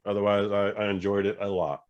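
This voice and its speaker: A man's voice: lowish voice, level tone, fast talker, highs cut off. A man co-hosting a podcast, reviewing a movie in loose, profane casual chat and acting out scenes in voices. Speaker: podcast co-host.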